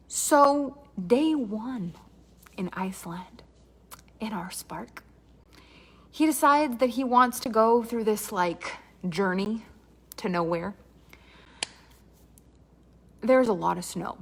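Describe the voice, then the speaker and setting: A woman's voice: on the high side, animated, slow, long pauses, breathy edge. A woman from Canada telling a comic personal story with dramatic asides and quoted dialogue.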